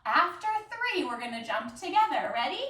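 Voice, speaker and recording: A woman's voice: sits high, very animated, normal speed, sharp tone. A woman leading a children's yoga class with a story, playful and sing-song, doing animal sounds. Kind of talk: guided kids' yoga with storytelling. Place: library room. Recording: roomy echo, voice from far off.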